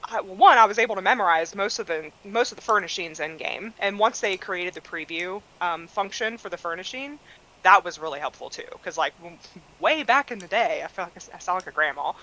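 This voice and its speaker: A woman's voice: lowish voice, expressive, brisk, sharp tone, rough recording. A woman guest in a casual interview, explaining her process in a thoughtful, easygoing, self-deprecating way. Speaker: guest designer.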